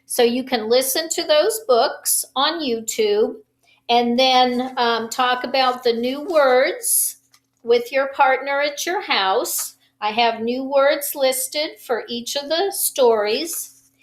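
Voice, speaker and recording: A woman teacher at home, giving a slow, patient lesson to young children over a phone camera and stretching out each phonics sound. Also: high-pitched, rough recording.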